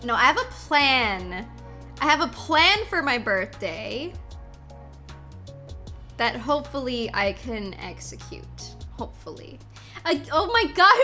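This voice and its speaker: A woman's voice: very high-pitched, sharp tone. A woman streamer chatting with her viewers, giggly and effusive, exclaiming often. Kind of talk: live-stream chat with viewers.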